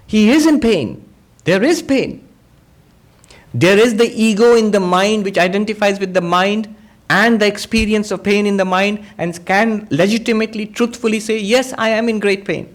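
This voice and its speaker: A monk teaching a spiritual discourse, patiently explaining ideas through everyday examples and quoted dialogue. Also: male voice, high-pitched, moderate pace. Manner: acts out quoted speakers in dialogue.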